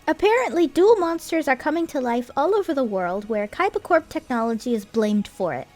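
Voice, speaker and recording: High-voiced sarcastic young woman reviewer. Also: a little mellow. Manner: sarcastic, swears casually, wry asides. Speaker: anime reviewer. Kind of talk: scripted review voice-over.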